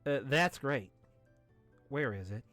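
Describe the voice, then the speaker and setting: A man's voice: mid-range voice, lively intonation, slow pace, fairly bright tone, soft background music. A man voicing an easygoing, slightly dim male traveler in a folksy, drawling way.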